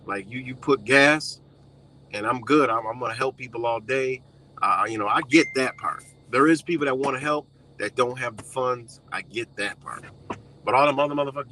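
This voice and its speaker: A man's voice: mid-range voice, moderate pace, sharp tone, slight background noise, poor audio. A man with a Western New York accent ranting casually to camera, blunt and profane, rambling with lots of fillers.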